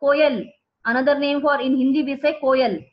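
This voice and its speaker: Brief: woman teaching a class, high voice, patient repetition, dull lo-fi sound. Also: steady tone. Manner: slow, repeating key words for students. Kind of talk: classroom vocabulary lesson. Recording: dull lo-fi recording.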